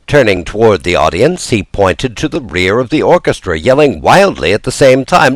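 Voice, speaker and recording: A man narrates a children's classic in a low, resonant-sounding register, his pitch rising and falling with theatrical life. The recording is close and dry, with no room sound. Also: normal speed, hardly any pauses, no echo. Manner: lively, theatrical delivery. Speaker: audiobook narrator. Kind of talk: expressive storybook reading.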